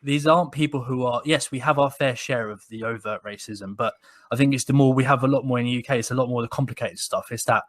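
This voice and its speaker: A man, co-hosting a podcast and telling stories in casual chat, with frequent restarts and animated retelling. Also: mid-range voice, fast talker. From England. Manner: rambling, many restarts, animated when quoting people. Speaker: podcast co-host. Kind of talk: casual conversational storytelling.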